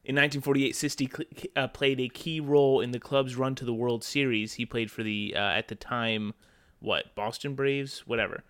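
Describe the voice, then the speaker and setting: A man's voice: medium pitch, fairly even intonation, moderate pace, fairly bright tone, smooth. A man co-hosting a podcast, joking in casual chat and laughing often. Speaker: podcast co-host.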